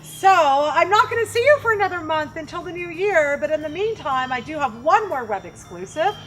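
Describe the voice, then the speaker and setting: A woman hosting a show, coaching her viewers straight to camera in an animated, playful way and acting out little quotes. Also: high voice, fairly quick, soft background music. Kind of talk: direct-to-camera coaching talk.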